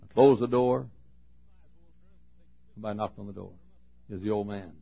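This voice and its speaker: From the pulpit, a male pastor with a low, gravelly, husky, worn voice tells a story as a sermon, swinging between loud emphasis and hushed asides. His intonation stays fairly even and his pace moderate. The recording is dull and lo-fi.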